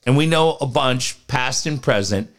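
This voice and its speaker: A man's voice: medium pitch, measured pace. A man co-hosting a sports radio show, chatting casually, telling stories with lots of swearing and acted-out quotes. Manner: animated storyteller, swears freely, acts out quoted voices.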